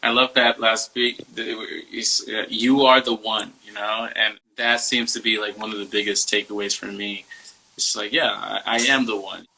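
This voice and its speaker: A young man talking about self-love in a casual, reflective way, soft-spoken and searching for words with many fillers. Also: on the low side, flat delivery, moderate pace, creaky, rough recording. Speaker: podcast host and coach.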